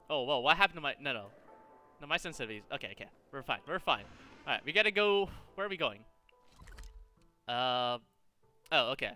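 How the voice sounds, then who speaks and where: Casting: male game streamer, high clear voice, ranting and swearing in casual chat. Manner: animated, exasperated, swears often. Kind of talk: casual livestream chat while gaming.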